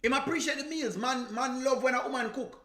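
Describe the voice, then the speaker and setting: A man's voice: very high voice, fairly quick, pushed and bright, echoey room. A man from Jamaica with a Jamaican accent, chatting casually on a live stream, teasing and laughing and slipping into patois. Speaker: reaction streamer.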